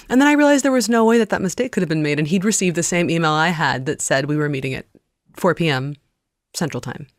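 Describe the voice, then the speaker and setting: A woman's voice: on the low side, dry recording. Upbeat woman podcast host, dry studio sound. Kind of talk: casual podcast chat. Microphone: studio mic.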